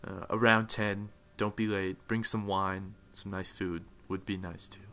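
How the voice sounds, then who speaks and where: Man playing a low-key matter-of-fact gaming mentor, lower voice, story skit. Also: little pitch movement, unhurried, fairly bright tone. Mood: calm. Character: calm male gaming mentor.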